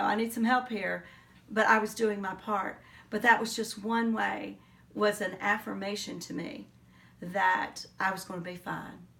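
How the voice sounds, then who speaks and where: A middle-aged woman giving an oral history interview, telling her story in an earnest, reflective way with pauses and fillers. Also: medium pitch, gravelly, fairly bright tone, distant mic. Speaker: interviewee, teacher.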